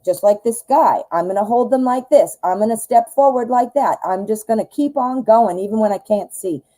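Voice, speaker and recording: Female tarot reader on a live stream, mellow voice, enthusiastic and chatty. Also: on the high side, normal speed, poor audio. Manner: chatty and enthusiastic, talks straight to the viewer.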